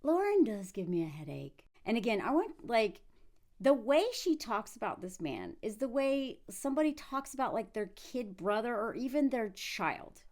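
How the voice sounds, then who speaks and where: Young adult woman, high voice, lively swooping delivery, blunt casual commentary. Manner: blunt, animated, quick asides. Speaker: commentary vlogger.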